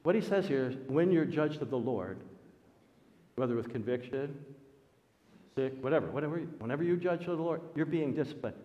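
A man, a pastor, preaching a sermon with animated storytelling, his voice rising for emphasis. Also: on the high side, fairly quick, long pauses, slight background noise. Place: church. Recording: dull sound with long hall reverb.

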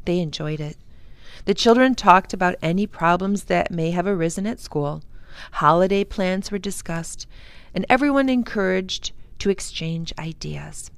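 A woman's voice: fairly low pitch, clean tone, no echo. A woman who works as a children's librarian reading a chapter book aloud for kids. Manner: slow, expressive. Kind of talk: storybook read-aloud for children.

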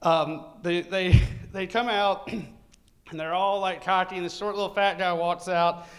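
A man telling a comic true story live on stage, animated, profane and self-mocking. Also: high-pitched, unhurried.

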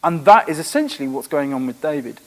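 A man's voice: on the high side, lively intonation, quick pace. A man giving a frank, earnest church talk in conversation with a host. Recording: echoey room with long reverb.

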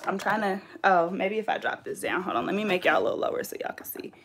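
A young woman, chatting casually and telling animated, sassy stories while she braids hair. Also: medium pitch, fast. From California. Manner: animated, laughing storyteller with playful sass.

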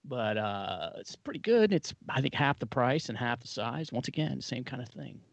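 A man's voice: medium pitch, lively intonation, moderate pace, vocal fry, no room sound, highs cut off. A man co-hosting a casual tech podcast, chatty and joking, with hesitant fillers. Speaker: podcast co-host.

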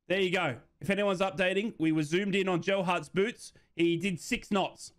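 Excitable Australian man, fan commentary. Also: sits high, normal speed, hardly any pauses. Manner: chatty, excitable, laughs often. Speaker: football fan streamer hosting a watch-along.

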